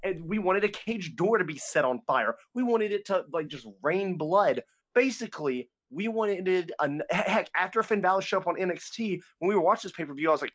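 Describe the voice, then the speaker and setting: Fairly high-pitched and expressive, the young podcast co-host talks a little fast in a fairly bright tone. He rambles through casual chat, often restarting and leaning on fillers.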